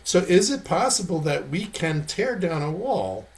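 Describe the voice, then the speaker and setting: A man's voice: fairly high pitch, expressive, a little slow. A man hosting a podcast interview, talking emphatically and throwing in rhetorical questions. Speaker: podcast host. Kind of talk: casual interview chat.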